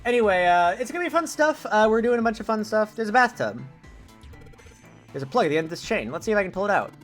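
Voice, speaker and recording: A man's voice: high voice, big pitch swings, quick pace, soft background music. A young man streaming a video game, chatting casually with his viewers in a rambling way with lots of fillers. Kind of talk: casual let's-play commentary.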